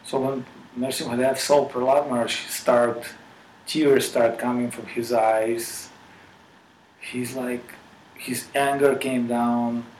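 A man's voice: medium pitch, little pitch movement, takes it slowly, a little mellow, recorded from a distance. A man giving a devotional talk, animatedly retelling a scripture story with many fillers. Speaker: spiritual speaker. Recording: roomy with faint noise.

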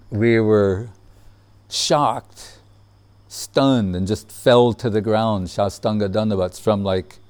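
A man with a fairly low voice relaxes into telling a personal memory, laughing often and acting out what other people said.

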